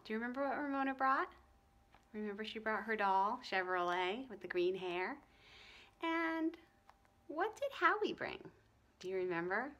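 Woman reading aloud to children, friendly, lively pitch, bright voice. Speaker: reader for children. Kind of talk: storybook reading.

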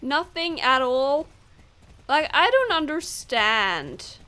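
A woman's voice: sits high, big pitch swings, takes it slowly, sharp tone. A woman who is not a native English speaker, chatting casually over gameplay and laughing off her own misreads. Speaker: gamer.

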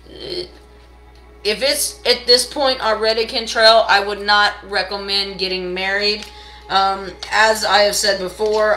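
The audio quality is low as a sharp-voiced woman runs a live tarot session, cursing, berating her audience, and aggressively pitching products in a casual, blunt style.

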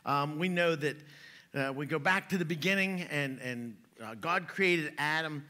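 A man's voice: a little high, unhurried, pushed and bright. A man preaching a sermon in a church, joking in a folksy way and chuckling at his own jokes. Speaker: pastor. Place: church sanctuary.

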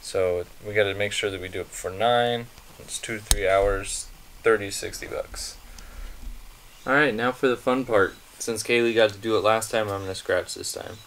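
A man's voice: fairly low pitch, fairly even intonation, normal speed, fairly bright tone, slight background noise. A young man talking casually to the camera as a vlogger, rambling a little and chuckling between phrases. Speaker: vlogger on a date with his wife. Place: at home.

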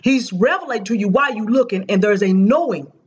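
Husky-voiced woman preaching a prophetic vision. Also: medium pitch, expressive, brisk, muffled recording. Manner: earnest, emphatic, repeats key phrases. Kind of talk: recounting a prophetic dream as a sermon.

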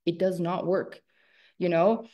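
A woman coach leads a live online masterclass with lively, emphatic delivery and frequent laughter. Her voice sits a little low for a woman, and she speaks straight to her audience. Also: slow pace, dull audio. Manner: animated, emphatic, laughs often.

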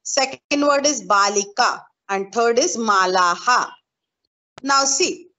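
A woman's voice: on the high side, slow pace, pushed and bright. A woman teacher with an Indian English accent, patiently walking her class through answers step by step and repeating them. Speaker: school teacher. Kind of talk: online class lesson.

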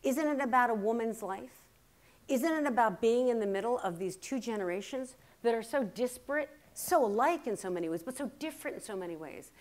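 A woman's voice: on the high side, a little fast. Chatty comic woman in her fifties. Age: 50s. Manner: lively, chatty, self-deprecating comic delivery; turns earnest and reflective. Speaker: keynote speaker. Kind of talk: humorous storytelling speech. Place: stage at a writers' workshop, before a live audience.

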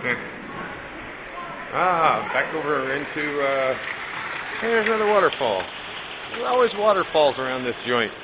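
Joking dad filming a zoo on phone. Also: male voice, a little high, very animated, measured pace, pauses often. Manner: playful, joking about tasty animals. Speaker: vlogger filming a zoo visit. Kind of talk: casual live-streamed commentary. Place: zoo reptile house. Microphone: phone camera. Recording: echoey, muffled phone stream with noise.

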